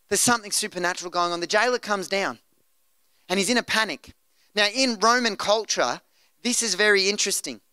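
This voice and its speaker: High-voiced animated male pastor. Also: clean tone, no echo. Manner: animated, acts out scenes in voices. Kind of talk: sermon. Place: church.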